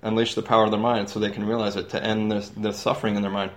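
A man's voice: fairly low pitch, fast talker, a little hiss or hum. A man, a hypnotherapist and dentist, speaking as a guest in a casual radio interview, telling stories about his career with joking asides. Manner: relaxed storytelling, joking asides.

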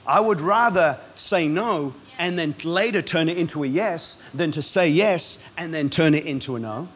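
A man, a pastor, preaching a sermon in a lively, punchy way with quick asides. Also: on the high side, slightly rough.

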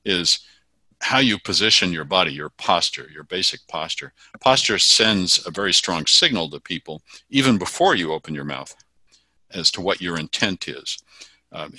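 A man with a very low voice and a sharp, forceful tone explains body-language tips. He talks in a measured way, with many fillers and restarts. The sound is dry and close. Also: no room sound. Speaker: communication expert guest.

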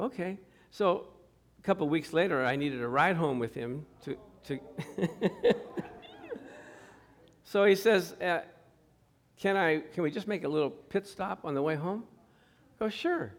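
Man, pastor, high voice, lively sermon storytelling, laughs along the way. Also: moderate pace. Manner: storytelling, acts out quoted people, laughs often.

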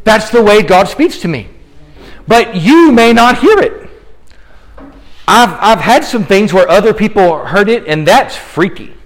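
Man preaching, high voice, fervent and emphatic, sweating through his sermon. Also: expressive, low-quality recording. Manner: fervent, dramatic slowing on key lines. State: sweating, exerting himself. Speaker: guest preacher. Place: church sanctuary.

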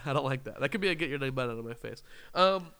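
A man's voice: mid-range voice, expressive, quick pace, bright, forceful tone, clear, resonant tone. A young man hosting a casual interview podcast, joking, rambling and laughing often. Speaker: podcast host.

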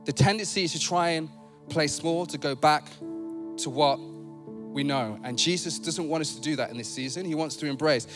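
A man preaching a sermon in a church, animated, playful and conversational. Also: a little high, normal speed, over music. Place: church sanctuary.

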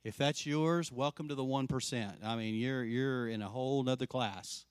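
A man preaching a sermon as pastor, telling a story with lively acted-out quotes and dropping soft and slow to drive points home. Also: mid-range voice, smooth, dry recording, studio quality. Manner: animated storyteller, acts out quoted voices; drops soft and slow for emphasis.

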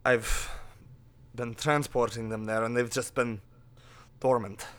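A man voicing a worried king facing a crisis, speaking in urgent, halting bursts. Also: medium pitch, level tone, a bit bright, smooth.

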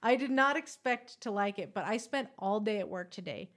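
A woman's voice: medium pitch, moderate pace. A woman co-hosting a casual chat about video games, telling stories with lots of giggles. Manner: giggly, animated storytelling. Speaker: podcast co-host.

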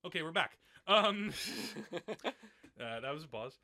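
A male podcast host in a casual film chat, with a very bright, sharp-edged voice that sits a little high. His pitch moves around in a lively way, and he fills his talk with "um" and "like" and laughs often. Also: slow pace, soft background music. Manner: chatty, laughs often, lots of fillers.

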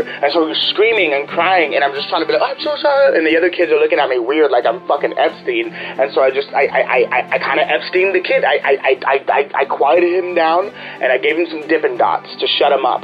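A man telling a rambling comedic anecdote, swearing freely and stumbling over repeated words before bursting into loud mock shouts. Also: fairly high pitch, muffled recording. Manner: profane, stammering, jumps into shouted impressions. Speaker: storyteller guest.

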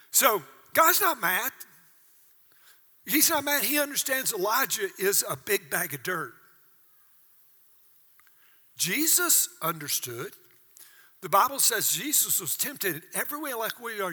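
A man in his sixties preaching a sermon as pastor, dramatic, dropping to hushed asides and rising to shouts, with rhetorical questions to the congregation. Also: high voice, husky. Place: church auditorium. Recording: long reverb of a large church hall.

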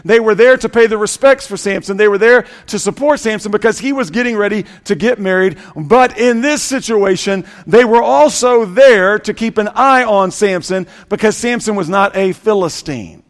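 A male pastor preaching a sermon, telling a story with dramatic swings from loud bursts to hushed lines and dry sarcastic asides. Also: high-pitched, normal speed, hardly any pauses.

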